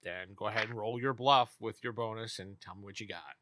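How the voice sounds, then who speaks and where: A man running a tabletop game as game master, narrating in a relaxed, hesitant way. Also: lowish voice, a little fast, noisy background.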